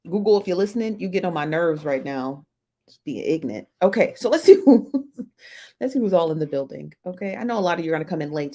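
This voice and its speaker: A woman's voice: on the low side, a little mellow. A woman hosting a casual livestream, chatting with viewers, greeting them by name and laughing often, recorded on a phone. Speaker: livestream host.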